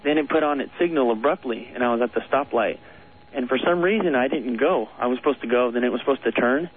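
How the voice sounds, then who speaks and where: A man's voice: medium pitch, fast talker. A man calling in to a radio show, telling a long ghost story in an earnest, rambling way with nervous laughs. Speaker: caller. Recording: tinny phone line on radio.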